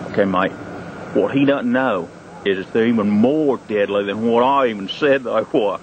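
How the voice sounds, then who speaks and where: A man's voice: lowish voice, normal speed, highs cut off, background noise, close to an everyday voice. A man playing a goofy wildlife-show host with mock bravado and folksy repeated "mate", in an amateur home-video parody recorded outdoors at night. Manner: folksy exaggerated showman talk, repeats "mate".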